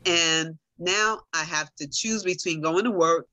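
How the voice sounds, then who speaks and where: A woman's voice: lowish voice, measured pace, bright, forceful tone, no room sound. A middle-aged woman in casual conversation, telling her own story animatedly and talking straight to her listeners. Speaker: guest sharing her story.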